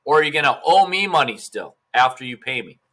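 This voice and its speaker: A man's voice: mid-range voice, animated, a little fast, fairly bright tone. A male teacher giving a recorded math lesson, casual and upbeat, talking straight to his students.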